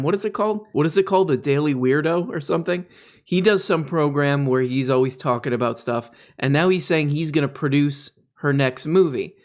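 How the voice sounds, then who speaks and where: A man hosting satirical commentary on video clips. He rambles sarcastically and now and then breaks into shrill mock outbursts. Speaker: comedy commentary host.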